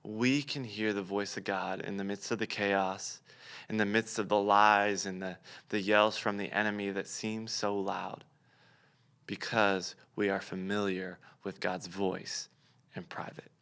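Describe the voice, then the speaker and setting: A young adult man giving a short devotional sermon, telling a personal story earnestly and easing into soft, quiet emphasis. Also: fairly low pitch, flat delivery, unhurried, clear, resonant tone. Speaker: pastor.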